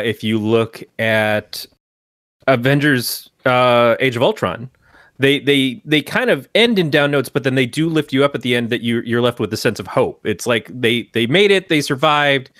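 A man's voice: mid-range voice, unhurried, dry recording, clean studio sound. A man co-hosting a casual podcast roundtable, joking and steering the conversation. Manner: joking, lively, steers the talk. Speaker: podcast co-host.

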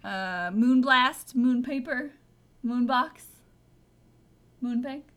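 A woman co-hosting a casual podcast, chatty and giggly, thinking out loud as she talks. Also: a little high, very slow. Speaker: podcast co-host.

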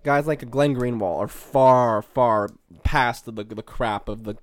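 A man co-hosting a podcast in casual political chat, halting and repeating words as he builds a point. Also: mid-range voice, no room sound. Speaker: podcast co-host.

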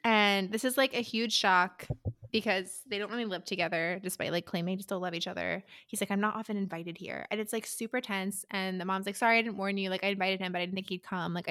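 A woman's voice: medium pitch, fairly bright tone, no echo, clean studio sound. A young woman co-hosting a casual chat, recapping a story with frequent laughs and acted-out quotes. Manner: chatty, laughs often, acts out quotes. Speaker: podcast co-host.

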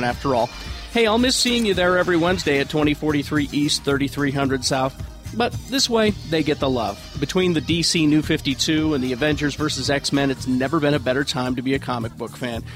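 A man's voice: on the high side, a little fast, a bit bright, soft background music. A man hosting a casual podcast, joking and steering the talk between segments. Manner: jokey, drives the segments. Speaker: podcast host. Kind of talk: casual podcast chat and ad read.

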